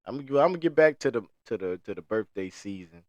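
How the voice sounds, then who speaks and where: A man's voice: mid-range voice, lively intonation, quick pace, a little mellow, dry recording. A man co-hosting a podcast, talking in a loose storytelling way full of slang. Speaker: podcast co-host. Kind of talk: casual podcast chat.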